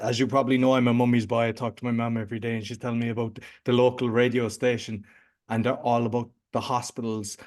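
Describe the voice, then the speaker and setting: A man's voice: medium pitch, a little mellow. A man with an Irish accent hosting a podcast, talking in a chatty, rambling, informal way. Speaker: podcast host. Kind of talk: casual interview chat.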